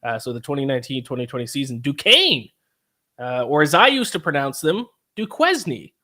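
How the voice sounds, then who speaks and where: Bright-voiced male betting show host. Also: medium pitch, big pitch swings, fast, slight background noise. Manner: leads the segments and asks his co-host questions. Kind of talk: casual betting podcast chat.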